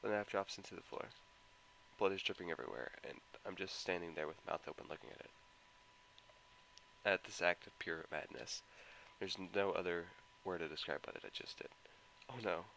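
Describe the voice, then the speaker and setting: A man's voice: deep voice, normal speed, vocal fry, pushed and bright, slight background noise, low-quality recording. A man giving a dramatic first-person narration of a visual novel with an emotional, anguished delivery. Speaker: visual novel mod reader. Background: guitar music.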